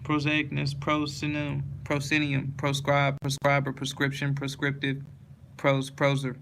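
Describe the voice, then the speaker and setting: Flat gravelly man reading word lists. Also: medium pitch, measured pace, a little hiss or hum. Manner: monotone word-by-word listing with restarts. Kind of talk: reading a dictionary word list aloud.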